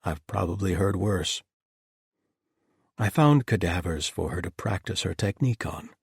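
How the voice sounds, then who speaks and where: A calm, thoughtful paladin from a storybook, as a man voices him. He speaks slowly and quietly in a low, husky voice. The sound is dry and close. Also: no echo, heavily acted. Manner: quiet, measured, curious.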